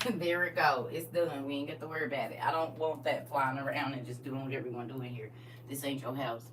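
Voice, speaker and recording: A woman's voice: a bass voice, steady tone, fast talker, distant mic, a little hiss or hum. A woman talking casually and candidly to her audience on a live stream, addressing viewers directly.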